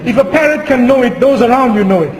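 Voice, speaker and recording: A man preaching a sermon, telling a humorous story in a measured, moralizing manner with occasional chuckles. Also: very high-pitched, lively intonation. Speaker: Islamic preacher. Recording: echoey hall with faint noise.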